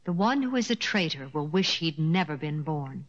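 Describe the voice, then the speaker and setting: A woman lowering her voice for a gentle, solemn male teacher. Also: expressive, normal speed, lo-fi sound.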